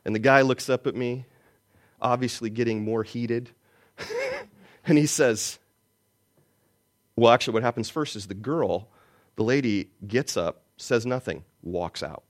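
A man preaching a sermon, telling a personal story and swinging between loud lines and hushed ones. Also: medium pitch, wildly swooping pitch, a little slow, pauses often. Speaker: pastor.

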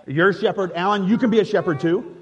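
A male pastor leads his congregation through a Christmas nativity, chatty, joking and quick to laugh as he assigns parts. His voice sits a little on the high side for a man. The sound carries a long reverb from a big church hall. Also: muffled recording. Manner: playful and chatty, laughing often, with many restarts. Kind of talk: interactive Christmas sermon, directing a live nativity skit. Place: church sanctuary.

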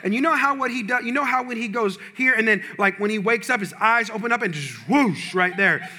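A male pastor preaching a sermon, telling a personal story with animated, humorous delivery to his congregation. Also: very high voice, brisk.

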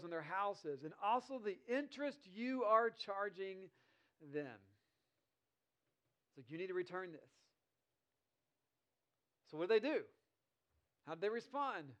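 A man preaching a sermon, reading scripture slowly and then explaining it in a conversational way. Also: high-pitched, animated, a bit bright. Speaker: pastor.

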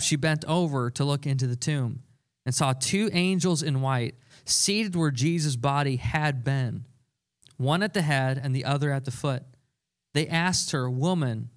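A man's voice: a little high, a bit bright. A young adult man preaching a sermon, earnest and conversational, repeating key phrases for emphasis. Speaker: pastor.

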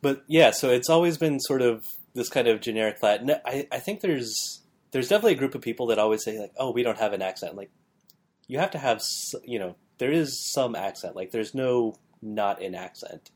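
A man with a flat Midwestern American accent, rambling easily through a casual podcast conversation. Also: mid-range voice, moderate pace. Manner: relaxed, rambling, lots of fillers like "like". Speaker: podcast co-host.

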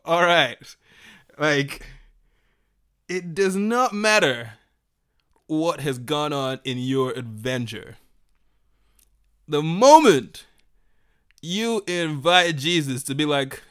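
Guy telling a bible story, bright and kinda high voice, super animated, keeps laughing. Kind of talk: lively retelling of a Bible story.

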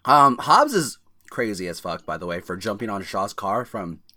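A man's voice: on the low side, very animated, normal speed, sharp tone. A man in casual chat about a movie, rambling and restarting, laughing easily. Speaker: movie discussion panelist.

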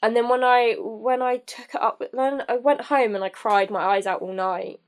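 A young woman telling a personal story as a podcast guest, candid and halting, with many fillers and restarts. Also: fairly high pitch, steady tone.

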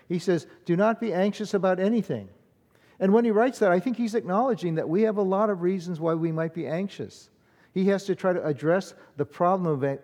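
A man's voice: on the high side, warm tone, in a large hall. A man preaching a sermon as pastor, earnest and conversational, often restarting his phrases with fillers.

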